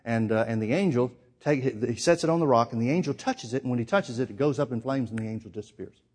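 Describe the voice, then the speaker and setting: A man preaching a sermon, emphatic, firing rhetorical questions and swinging between loud and hushed. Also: mid-range voice, lively intonation, fast.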